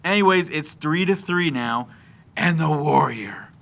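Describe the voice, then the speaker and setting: A man's voice: on the high side, animated, a little slow, gravelly, a bit bright. A young man from Florida, co-hosting a casual sports talk show and recapping the game play by play in a chatty way. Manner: chatty, recaps plays at length. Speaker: podcast co-host.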